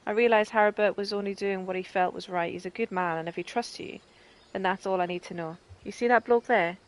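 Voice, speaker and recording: Mocking, sharp, female rebel in a game, read by a Northern English woman, middle pitch. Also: steady tone, brisk, close to an everyday voice. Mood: relenting. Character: scornful, prickly female rebel.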